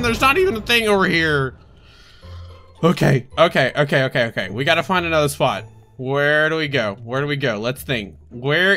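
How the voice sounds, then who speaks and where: Panicky, yelping gameplay commentator. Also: medium pitch. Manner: panicky, yelping, rapid-fire repeats. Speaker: gaming video creator. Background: game music.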